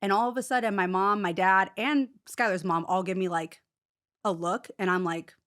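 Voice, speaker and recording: A woman telling her own story as an interview guest in casual, animated talk, peppered with "like" and quick restarts. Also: mid-range voice. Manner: rapid, animated retelling full of "like" fillers and restarts.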